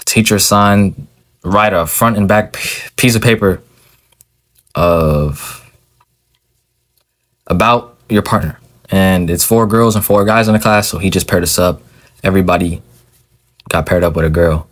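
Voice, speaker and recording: A man voicing a fourteen-year-old boy in an amateur animated role-play, talking in casual street slang. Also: low-pitched, measured pace, long pauses. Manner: casual slang-heavy teen talk.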